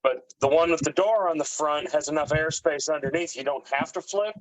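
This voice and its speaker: A man with a slightly high voice explains things over a video call. He talks in a halting way and uses fillers. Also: no echo, low-quality recording. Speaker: home cook on a group cooking call. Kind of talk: casual chat.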